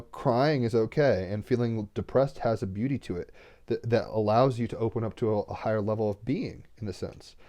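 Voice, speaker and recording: A young man with a low, mellow voice talks on a home livestream about cards and the cosmos. He rambles earnestly, full of "like" and "right?", his voice sometimes catching as he gets teary. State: tearful, getting emotional. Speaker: tarot card reader. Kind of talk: casual spiritual livestream talk.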